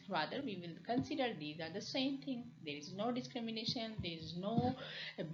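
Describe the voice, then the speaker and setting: Woman lecturing slowly in Pakistani English. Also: mid-range voice, dull audio. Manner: deliberate, repeats and rephrases with many fillers. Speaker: university lecturer. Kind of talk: recorded linguistics lecture.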